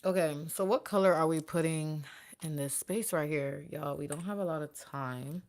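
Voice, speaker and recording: Low-voiced chatty young woman vlogger. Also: normal speed. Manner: chatty, animated, talks to viewers and chat. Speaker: beauty vlogger and makeup artist. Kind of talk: casual chat while doing makeup.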